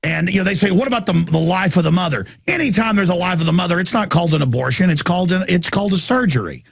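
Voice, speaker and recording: A man's voice: high voice, expressive, fast talker, gravelly, breathy edge, no room sound, clean studio sound. A man hosting a call-in radio talk show, ranting and sarcastic as he takes callers. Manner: ranting, sarcastic, mocking put-on voices.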